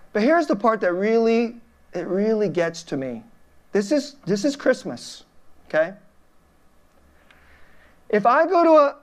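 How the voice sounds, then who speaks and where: Chatty woman pastor preaching to kids. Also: on the high side. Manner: chatty, informal, asks questions, laughs often. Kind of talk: children's sermon. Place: church before a congregation.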